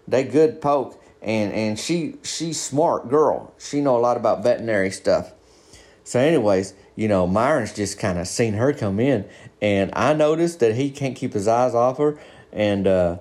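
A man's voice: medium pitch, a little mellow. A man telling a rambling comic story in a folksy, down-home way. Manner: folksy Southern drawl storytelling, slips into voices for friends. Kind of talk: first-person comedic monologue in character.

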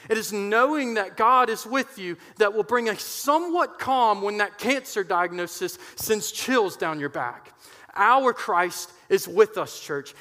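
A man's voice: high-pitched, bright, forceful tone, long reverb tail. A man preaching a sermon to his church, emphatic and getting fired up, often checking in with "right?". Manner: gets fired up.

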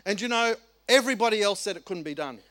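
A middle-aged Australian man preaching a sermon, animated and colloquial, firing off rhetorical questions. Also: high-pitched, fast. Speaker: pastor.

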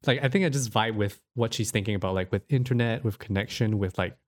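A film podcast host with a lowish voice talks fast and casually, animated throughout, packing in lots of fillers and laughing often.

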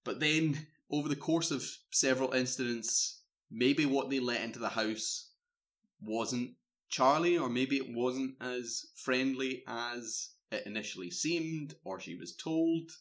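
Man, casual podcast chat, rambling film recap full of "like" and "um", mid-pitched voice. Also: unhurried. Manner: rambling, filler-heavy, animated retelling.

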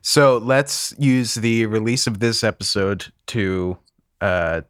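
A man's voice: lowish voice, slow, fairly bright tone, smooth, no echo, studio quality. A man co-hosting a podcast, talking casually and teasing his co-host with easy laughs.

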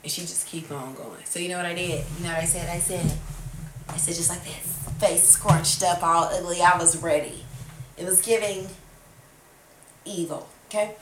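A woman's voice: fairly low pitch, normal speed. A woman in her twenties hosting a casual podcast chat, telling a story animatedly with lots of swearing and acted-out outbursts. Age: 20s. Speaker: podcast host. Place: room at a kitchen table. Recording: roomy sound, from far off the mic, faint noise.

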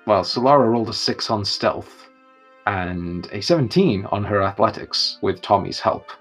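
Dm guy, husky, bit low, laid back narrating, faint music. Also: animated, moderate pace, a bit bright. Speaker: game master. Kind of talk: narrating a tabletop game.

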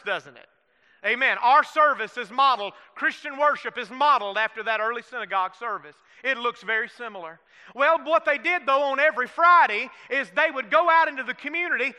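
High, bright Southern preacher. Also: male voice, clear, resonant tone. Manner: folksy, calls for amens, asks the room questions. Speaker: pastor. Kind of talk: sermon. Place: church sanctuary. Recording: long hall reverb.

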